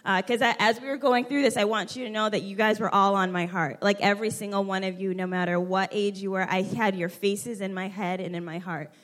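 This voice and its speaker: A woman's voice: medium pitch, steady tone, fairly quick, few pauses, fairly bright tone. Tearful young woman giving heartfelt tribute. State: close to tears. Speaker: church speaker. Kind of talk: emotional tribute at a church women's gathering.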